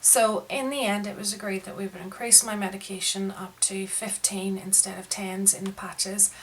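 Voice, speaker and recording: A woman talks straight to camera in a casual rant. She sounds frustrated as she retells a string of exchanges and acts out each side of the conversation. Her voice sits at an ordinary middle pitch. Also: normal speed, low-quality recording. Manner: frustrated, retelling events with lively quoted dialogue. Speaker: vlogger. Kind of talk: casual ranting monologue.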